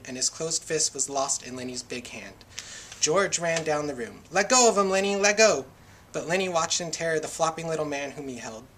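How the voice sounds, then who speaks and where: A man reading a novel aloud in a public library, with a steady, plain read-aloud delivery. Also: a little high, slight background noise, rough recording. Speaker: volunteer reader.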